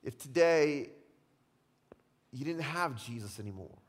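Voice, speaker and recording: A man preaching a sermon as pastor, swinging from hushed, intimate questions to loud, impassioned exclamations. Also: medium pitch, animated, a little slow. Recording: long reverb of a large hall.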